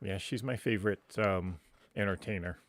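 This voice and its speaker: A man's voice: low voice, moderate pace. A man hosting a casual livestream, chatty and laughing often as he greets viewers by name. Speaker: livestream host.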